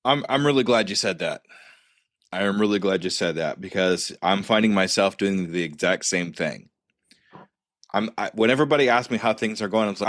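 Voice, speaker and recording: A man's voice: on the low side, normal speed, a bit bright, dry recording, clean studio sound. A man hosting a podcast interview, asking questions and responding in an earnest, personal way. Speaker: podcast host. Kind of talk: casual interview.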